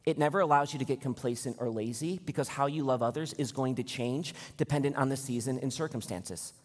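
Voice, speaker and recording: A man's voice: medium pitch, brisk. A man in his thirties preaching a sermon as pastor, direct and conversational, asking the congregation questions. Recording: long hall reverb.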